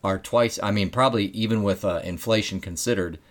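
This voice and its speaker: A man's voice: lowish voice, brisk. A man co-hosting a casual chat, joking dryly and restarting his sentences with hesitant fillers. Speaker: co-host.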